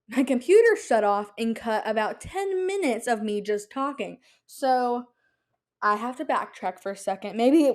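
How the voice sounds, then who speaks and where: A young adult woman hosting a podcast in casual chat, talking in an excitable, rambling way with many fillers. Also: fairly high pitch. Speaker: podcast host.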